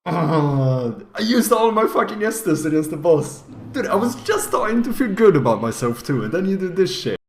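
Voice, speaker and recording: A man's voice: a little high, big pitch swings, a little slow, slight background noise. A man livestreaming himself playing games, chatting casually, swearing often and laughing at himself. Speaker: streamer. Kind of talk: live gameplay commentary.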